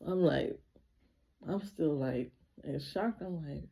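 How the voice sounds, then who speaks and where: A woman tells a personal story in a storytime vlog, sounding emotional and casual. Her voice is gravelly with vocal fry and has a mellow, dark tone. She keeps coming back to 'like' as she talks it through. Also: sits low, lively intonation, slow. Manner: casual, emotional retelling full of repeated 'like'. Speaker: vlogger.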